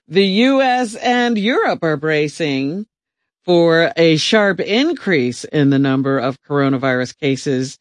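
Slow, lively-pitched man reading news. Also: no echo. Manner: measured, with fillers. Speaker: news reader on a radio show.

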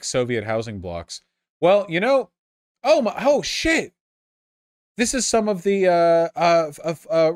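A male streamer chats casually with his viewers, his voice jumping around with lively ups and downs. He swears freely and gets excited easily. The sound is close and dry. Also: on the high side, no echo. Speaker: live streamer. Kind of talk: casual live-stream commentary.

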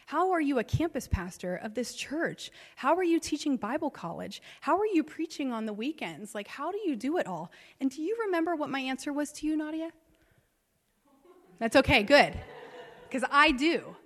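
A woman's voice: sits high, sing-song, normal speed, a bit bright. A woman in her thirties, a pastor, telling a personal story in a sermon with emotional swings. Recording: long reverb of a large hall.

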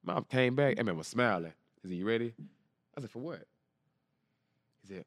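A man, telling a story as an interview guest in a lively, slangy way and acting out the quotes. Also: medium pitch, no echo. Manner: animated, quick storytelling with slang and repeated quotes. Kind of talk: casual storytelling.

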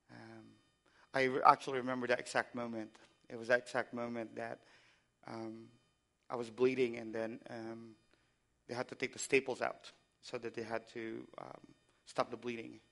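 A man preaching a sermon, moving between quiet, reflective passages and loud, impassioned exhortation, often asking the congregation to respond. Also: mid-range voice, little pitch movement, normal speed, gravelly. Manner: asks the congregation for call-and-response. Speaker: pastor.

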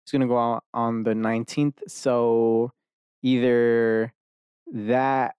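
With a medium-pitched, slightly mellow, clear and resonant voice, a young man hosts a casual solo podcast. Hailing from Dallas, Texas, USA, he rambles, curses often, and breaks into his own sentences with fillers and restarts. The sound is dry and clean, studio-grade.

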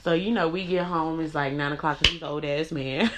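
A woman telling a frank, profane storytime to camera. Her voice sits low for a woman and runs loose and chatty, thick with "like" and "you know". It comes across as an unscripted personal story, told straight to the viewer. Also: expressive, normal speed, background noise. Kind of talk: casual storytime monologue.

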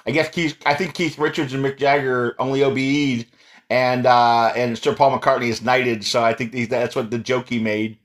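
A man's voice: medium pitch, steady tone, normal speed. A man hosting a casual interview, eager and chatty, laughing often as he shares his own view. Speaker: interview host.

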